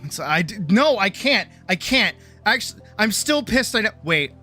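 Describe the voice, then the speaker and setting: Speaking at medium pitch and a moderate pace, this woman streamer keeps up casual live-stream chatter full of swearing and self-mockery. Faint music sits behind her profane, animated talk.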